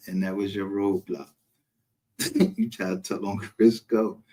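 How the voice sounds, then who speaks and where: A man's voice: fairly low pitch, big pitch swings, slow, gravelly, warm tone. Brash, profane man. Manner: brash, profane, laughs often. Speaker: livestream host. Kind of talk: casual livestream commentary.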